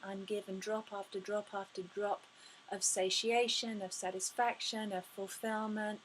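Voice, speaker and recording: A woman speaks as a spiritual life coach in an inspirational talk to camera. Her voice sits in a mid range, and she comes across as expressive and effusive, with frequent sighs and gasps. A faint hum of ambient noise runs behind her. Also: mid-range voice, measured pace, rough recording.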